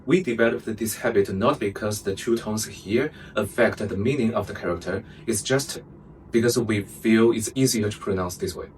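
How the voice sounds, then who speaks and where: Man, patient language teacher, low-set voice; distant mic, light background noise. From China. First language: Mandarin Chinese. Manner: clear, patient, repeats examples slowly. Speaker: Mandarin teacher. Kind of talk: friendly language lesson.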